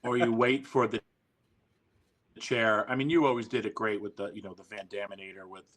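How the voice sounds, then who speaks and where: A man's voice: lowish voice, level tone, a little fast, fairly bright tone. A man guesting on a podcast, telling stories animatedly, acting out quoted lines and swearing freely. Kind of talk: casual storytelling.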